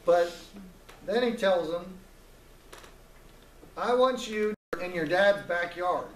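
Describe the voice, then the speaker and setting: A man's voice: high voice, takes it slowly, a bit bright, reverberant, far from the mic, slight background noise, low-quality recording. A man teaching a Bible story in a casual, joking way, acting out the characters' lines as he retells it.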